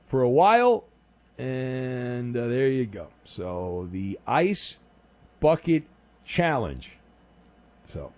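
A man's voice: a little high, darkish tone, dry recording. A male radio talk show host, sarcastic and rambling with lots of fillers, taking calls in a studio. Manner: sarcastic, mock-stern, rambling with many fillers. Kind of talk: casual call-in radio talk. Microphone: studio mic.

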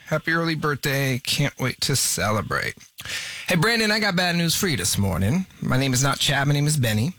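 A man's voice: fairly high pitch, very animated, a little fast, bright, forceful tone, no echo. A man hosting a radio prank call, first posing as a friendly flower shop salesman, then revealing the prank. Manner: smooth salesman patter. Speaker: radio show host.

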